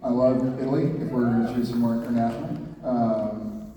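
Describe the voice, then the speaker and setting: A man's voice: mid-range voice, steady tone, fairly quick, warm tone. A middle-aged man answering fan questions on a convention panel, playful and rambling, with fillers and restarts. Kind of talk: casual Q&A answers. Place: large convention hall. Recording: echoey hall from far off with crowd. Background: audience noise.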